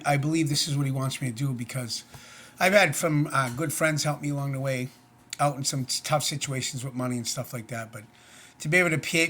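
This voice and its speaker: A middle-aged man with a medium-pitched, slightly bright voice talks to camera in a casual personal vlog. He comes across as earnest and plainspoken, and he rambles.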